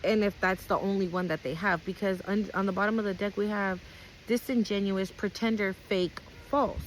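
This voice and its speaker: Brief: woman, tarot reader, casual and blunt, heavy swearing, middle pitch, slight background hiss. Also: fairly even intonation, normal speed. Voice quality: blunt and profane, emphatic repetition, frequent "okay?". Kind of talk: casual spoken tarot reading to viewers.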